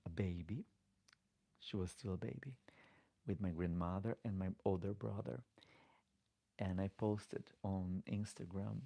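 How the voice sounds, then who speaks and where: A middle-aged man with a lowish, gravelly, mellow voice, talking into a close desk mic in a dry, dead room. He hosts a live Q&A as a drag performer, reading viewer comments and rambling with many restarts in slightly broken English. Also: no room sound. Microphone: desk microphone.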